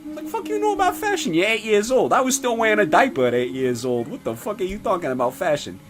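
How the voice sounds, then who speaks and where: A man's voice: fast, over music. Give me a man doing a brash, foul-mouthed New dad. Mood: boasting. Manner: profane rambling rants with animated pitch swings. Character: foul-mouthed middle-aged male restaurant regular, brash father. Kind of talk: comedy sketch character monologue.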